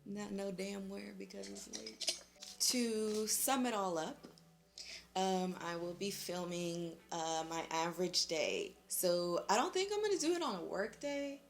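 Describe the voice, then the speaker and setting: A woman's voice: mid-range voice, a little slow, creaky. Chatty young woman vlogging her makeup. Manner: chatty and slangy, laughing often. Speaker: beauty vlogger. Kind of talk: casual vlog chat while doing makeup.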